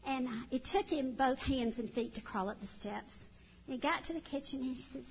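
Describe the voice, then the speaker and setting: A middle-aged woman tells folksy, animated stories to a church audience. Her high voice rings with a long hall reverb. The recording sounds dull, with faint ambience behind. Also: brisk, a little hiss or hum. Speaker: church speaker. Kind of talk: storytelling talk to a church audience.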